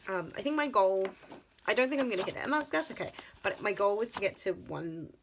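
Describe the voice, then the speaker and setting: A woman, chatting excitedly in a casual budgeting vlog, full of gasps and exclamations. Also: mid-range voice, a little fast, a little hiss or hum, low-quality recording. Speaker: budgeting vlogger.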